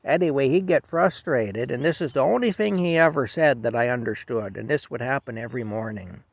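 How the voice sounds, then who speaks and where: A man's voice: mid-range voice, brisk, no room sound. A man in his fifties casually telling a rambling, self-deprecating story from his past. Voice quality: gravelly.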